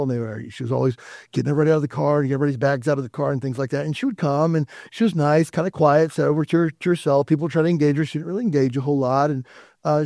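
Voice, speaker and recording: A man's voice: fairly high pitch, dark tone, dry recording, clean studio sound. A man preaching a sermon in a church, talking directly to the congregation in a conversational way. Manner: conversational preaching with asides and quoted dialogue. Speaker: pastor. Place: church sanctuary.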